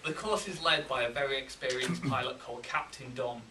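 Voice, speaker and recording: A man with a Yorkshire accent giving a humorous contest speech, with deadpan timing and pauses for laughs. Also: mid-range voice, noisy background. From England. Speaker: contest speaker. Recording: roomy hall, mic from a distance.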